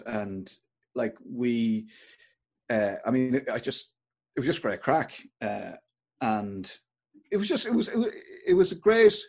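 A man's voice: mid-range voice, darkish tone, husky. A middle-aged Irish man and podcaster telling rambling anecdotes in a casual interview. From Ireland. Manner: rambling, anecdotal, with many restarts. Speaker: podcaster and performer.

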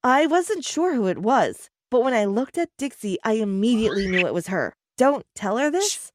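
A woman narrating an animated story in a chatty manner, speaking to the viewer. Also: on the high side, normal speed, noisy background.

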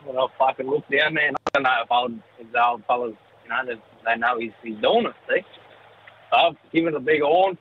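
A man's voice: medium pitch, brisk, narrow, tinny audio, a little hiss or hum. An Australian man from New South Wales leaving a recorded voice message for a podcast, telling a story with heavy swearing. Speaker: caller.

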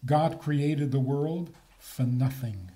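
A man's voice: mid-range voice, slow, warm tone. A man giving a lecture with humor, asking rhetorical questions and chuckling at his own points.

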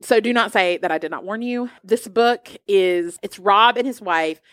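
A woman co-hosting a podcast, chatty and animated as she recommends shows and books. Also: mid-range voice, moderate pace, dry recording, clean studio sound. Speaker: podcast co-host. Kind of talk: casual pop-culture chat.

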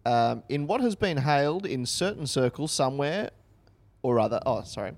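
A man's voice: mid-range voice, expressive, moderate pace. Aussie guy in his thirties, dry and joking, reading aloud, voice swings a lot. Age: 30s. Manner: dry, playful, reads in mock tones. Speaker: podcast co-host. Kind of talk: casual chat, reading aloud.

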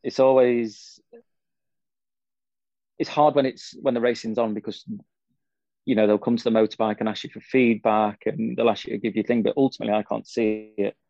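A man's voice: fairly low pitch, steady tone, brisk, gravelly, long pauses, dark tone, no room sound, dull audio. A young man, talking easygoing and rambling as a guest in a casual interview. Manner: easygoing, rambling, frequent fillers. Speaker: cycling pundit guest.

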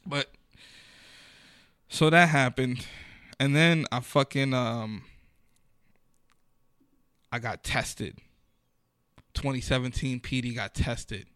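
A man's voice: mid-range voice, fairly even intonation, slow pace, long pauses, a bit bright, clear, resonant tone, no room sound, studio quality. A man, a comedian, telling stories in a loose, profane, slang-filled manner during a casual podcast chat.

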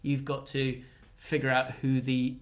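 A man's voice: mid-range voice, completely flat delivery, unhurried. A man co-hosting a podcast, rambling in a jokey, self-mocking way. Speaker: podcast co-host. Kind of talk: casual chat.

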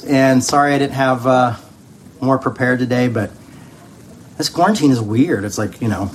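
A man who is a pastor, closing a service in a relaxed, rambling and self-deprecating way. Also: medium pitch, slight background noise. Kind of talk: casual sermon sign-off.

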